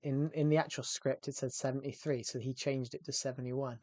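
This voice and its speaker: A man chatting on a game livestream. He rambles and corrects himself mid-sentence, at a middling pitch for a man. The recording is dry and close, with no room sound. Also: little pitch movement, a little fast, a little mellow, no echo. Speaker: game streamer. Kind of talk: casual livestream chat.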